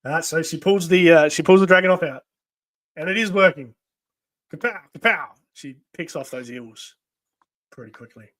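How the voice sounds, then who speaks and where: A man hosts a casual live stream, reading a comic aloud between chatty asides. He hesitates often and fills gaps with "um" and "uh". His voice sits a little high. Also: normal speed, a bit bright. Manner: chatty, hesitant with many fillers. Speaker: host.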